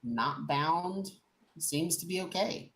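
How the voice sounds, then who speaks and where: Woman, game master, deep low voice, rambling scene narration, tabletop game. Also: lively intonation, takes it slowly. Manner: rambling description with many fillers and restarts.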